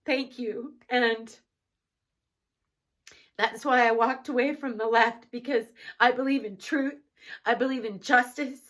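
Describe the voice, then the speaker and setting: A woman from the United States giving a heated, earnest personal testimony to camera, with halting restarts. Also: on the high side, steady tone, fairly bright tone. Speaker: vlogger telling her personal story.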